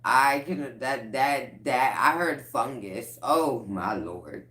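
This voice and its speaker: A woman's voice: a bass voice, animated, slow, a bit bright, roomy sound. A woman giving a casual tarot collective reading, blunt and profane, breaking into laughter often. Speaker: tarot reader.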